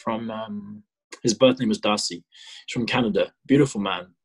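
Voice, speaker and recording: A man from South Africa in his thirties, telling a personal story as a podcast guest, animated and full of fillers. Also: on the low side, normal speed, breathy edge, poor audio. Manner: animated, acts out his own past dialogue, many fillers and restarts. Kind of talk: casual storytelling.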